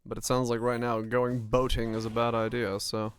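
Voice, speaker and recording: A man's voice: medium pitch, little pitch movement, fairly quick, few pauses. A man streaming a game, chatting casually and rambling between jokes. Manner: rambling, joking, laughs often. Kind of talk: casual gameplay chat.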